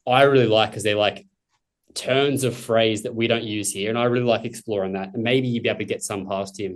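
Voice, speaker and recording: A man with an Australian accent hosting a casual interview, enthusiastic and swearing freely. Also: fairly low pitch. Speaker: podcast host.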